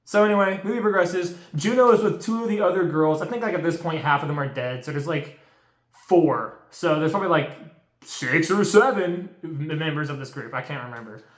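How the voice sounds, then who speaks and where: A man's voice: fairly high pitch, brisk. A young man recapping a horror movie in a casual, profane, exasperated rant full of slang. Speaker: movie reviewer. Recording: roomy echo.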